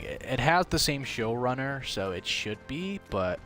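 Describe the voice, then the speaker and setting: A male game streamer chatting with his viewers mid-match. He talks casually and rambles, leaning on fillers and quick restarts, at a middle pitch for a man. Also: big pitch swings, a bit bright, soft background music. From half British. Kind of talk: casual live-stream commentary.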